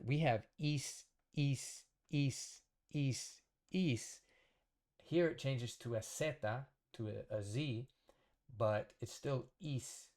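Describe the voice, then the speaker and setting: A man teaching a casual lesson at a whiteboard, explaining slowly and patiently, often checking with "okay?". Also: medium pitch, a little mellow. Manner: slow, patient explaining with fillers and repeated checks. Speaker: Spanish teacher.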